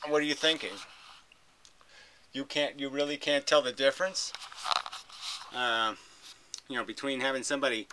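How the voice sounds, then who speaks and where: A man's voice: mid-range voice, pushed and bright, a little hiss or hum, poor audio. A man recording a reaction video, arguing back at a clip with emphatic, profane commentary.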